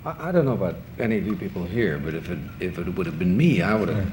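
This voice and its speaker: A man's voice: low-pitched, fast talker. A male talk show host interviewing a guest in a conversational way, asking short direct questions. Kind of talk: casual interview. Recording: steady background hiss, 1960s television audio.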